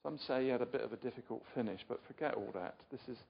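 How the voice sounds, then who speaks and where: A man's voice: mid-range voice, rapid-fire, creaky, a little hiss or hum. An older man from England giving a chatty, informal sermon, often asking his listeners questions and poking fun at himself. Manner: chatty, self-deprecating, asks the audience questions. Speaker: preacher. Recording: muffled sound in a reverberant hall.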